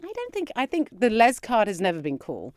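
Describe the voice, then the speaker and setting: A woman's voice: fairly high pitch, brisk, dry recording, studio quality. A woman, a comedian guest telling an anecdote in casual chat, acting out the quotes. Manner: animated anecdote with acted-out quotes.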